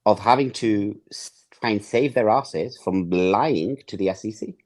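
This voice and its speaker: A man's voice: on the low side, unhurried, a little mellow. A man hosting a casual football podcast, talking emphatically and swearing, acting out what others would say. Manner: emphatic, swears, acts out quoted speech. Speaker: podcast host.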